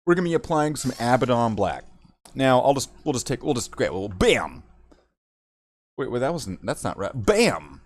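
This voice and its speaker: A man from Canada hosting a casual livestream while he paints models, rambling, self-mocking and repeating words as he goes. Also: medium pitch. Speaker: hobby streamer.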